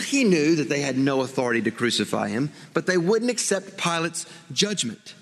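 A man's voice: on the high side, very animated, normal speed, hardly any pauses. A man preaching a sermon as pastor, earnest and full of rhetorical questions. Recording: long hall reverb.

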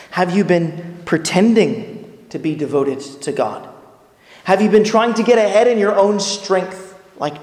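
High-voiced preacher in an echoing hall. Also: male voice, darkish tone. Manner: earnest, emphatic preaching with rhetorical questions. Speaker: pastor. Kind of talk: sermon.

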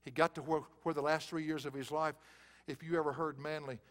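A man preaching a sermon in an auditorium, swinging from hushed, soft passages to loud, emphatic bursts. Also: a little high, little pitch movement, fairly quick, big-room sound.

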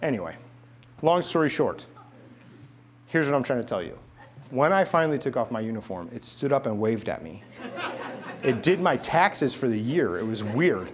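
A middle-aged man preaching a sermon, mixing a humorous personal story with quiet, emphatic repetition. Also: mid-range voice, sing-song, normal speed, pauses often, slight background noise.

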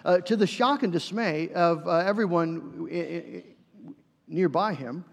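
Male pastor, high-pitched sermon voice, earnest storyteller, reverberant church hall. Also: moderate pace, darkish tone. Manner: earnest storytelling with acted-out quotes.

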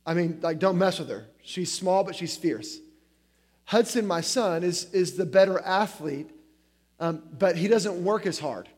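High-voiced man preaching, chatty. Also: measured pace, husky. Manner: conversational, many "like" fillers, animated storytelling. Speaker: guest preacher. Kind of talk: sermon.

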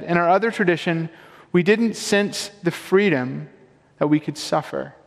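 High-voiced earnest preaching man. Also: in a large hall. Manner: earnest, emphatic preaching with rising questions. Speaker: pastor. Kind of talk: sermon.

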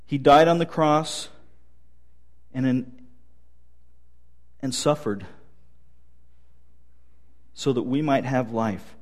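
A man's voice: mid-range voice, slow pace, pauses often. A male pastor preaching a sermon, telling stories with light humor.

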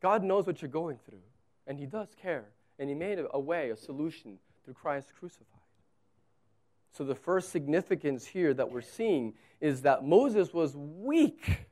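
A man's voice: on the high side, darkish tone. A male pastor preaching a sermon with emphasis, acting out the quotes.

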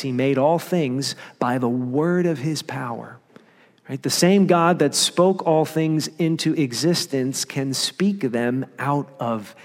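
A man preaching a sermon with emphasis. He slows down and drops low on key phrases. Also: big-room sound. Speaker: pastor.

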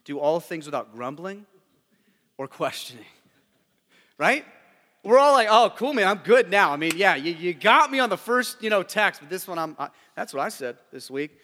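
In a church sanctuary, a male pastor with a high, bright, forceful voice gives a casual, lively sermon at a moderate pace. He fires rhetorical questions at the congregation, and the large hall gives his voice a long, ringing reverb.

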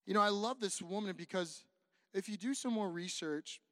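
Male pastor, very high and bright voice, animated and repetitive, acts out the characters in his sermon. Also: normal speed, no room sound. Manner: walks around while preaching. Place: church sanctuary with a congregation.

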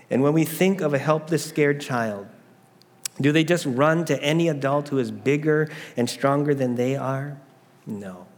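A man's voice: medium pitch, long reverb tail. A middle-aged man preaching a sermon, telling a family story with rhetorical questions. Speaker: pastor.

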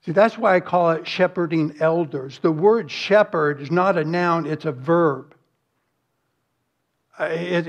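A man's voice: high-pitched, highs cut off. A man preaching a sermon as pastor, earnest and emphatic, with rhetorical questions and lists.

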